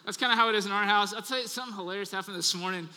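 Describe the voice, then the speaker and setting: A man preaching a sermon as pastor, earnest and repetitive, letting his phrases trail off softly at the ends of points. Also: high voice, racing. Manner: talks with children in the audience. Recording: long hall reverb.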